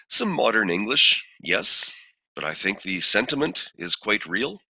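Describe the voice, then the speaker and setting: Guy teaching a bible study, slow and deliberate, bright voice, pitch moves around a lot, dry sound. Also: sing-song, gravelly, breathy edge, no echo. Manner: deliberate, questioning, reads verses aloud. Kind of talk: slow scripture study lesson.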